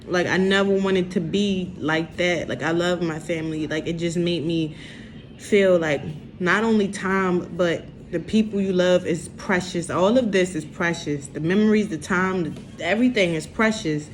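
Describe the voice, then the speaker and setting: A young woman, speaking slowly and haltingly in an emotional confessional vlog. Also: fairly low pitch, slight background noise. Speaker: vlogger.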